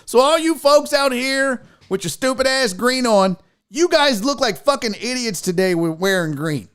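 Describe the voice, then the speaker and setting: A man hosting a comedic talk show, ranting in a loud, mocking, profane way and slipping into exaggerated voices. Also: very high voice, animated, moderate pace, clean tone. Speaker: podcast host.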